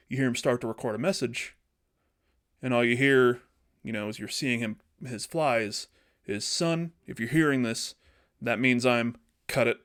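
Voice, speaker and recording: A man casually telling a story on a podcast, animated and acting out the characters as he goes. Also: medium pitch. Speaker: podcast host.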